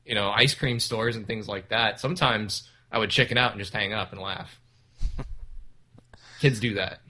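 A man's voice: fairly low pitch, a little slow, pushed and bright, a little hiss or hum. Dry, teasing male guest co-host. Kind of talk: casual chat.

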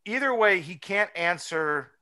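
A man with a high, bright voice hosts a loose podcast conversation. He talks in an animated, rambling way, swearing freely as he argues his point. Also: unhurried, smooth. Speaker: podcast host. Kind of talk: casual chat.

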